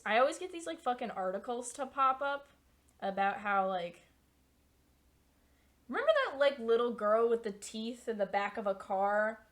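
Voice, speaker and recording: A young woman streamer in her twenties with a somewhat high voice. She rambles casually from story to story and swears a lot as she talks. Her telling is loose and animated. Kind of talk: casual chat.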